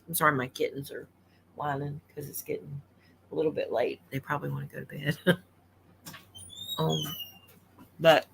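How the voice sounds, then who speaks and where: Bright-voiced indignant woman ranting. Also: deep voice, a little hiss or hum. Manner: indignant, blunt, repeats herself for emphasis. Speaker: livestream commentator. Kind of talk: opinionated commentary rant. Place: home, late at night.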